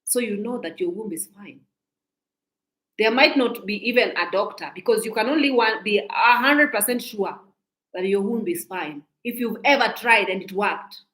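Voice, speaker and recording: A social media commentator in her forties repeats her points in a scolding, preachy monologue. She speaks at a moderate pace in a mid-range, slightly bright voice, recorded with poor audio in an echoey room.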